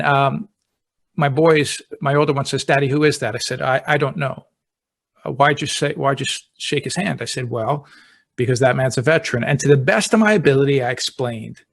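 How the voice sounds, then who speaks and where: A middle-aged man in a middle register hosts a podcast for fire-service listeners. He tells a personal anecdote step by step in a relaxed, chatty manner. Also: medium pitch, creaky. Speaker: podcast host, deputy fire chief. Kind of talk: conversational storytelling.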